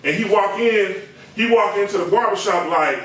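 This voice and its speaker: A man who works as a barber tells a comedic story in a slangy, animated way, acting out the people in it. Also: high-pitched, moderate pace. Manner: slangy, animated, acts out voices. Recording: very echoey, distant from mic.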